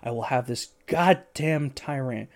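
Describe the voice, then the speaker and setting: A man's voice: medium pitch, unhurried, natural voice. A man voicing a huge, surly hermit who swears constantly as he guards his cabin in the woods. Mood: threatening.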